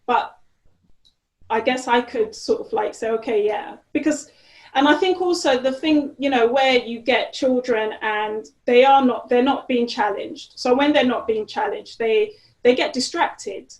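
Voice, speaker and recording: A woman's voice: fairly high pitch, a little slow. A woman, a guest in an interview, talking casually with lots of fillers and restarts. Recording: roomy echo.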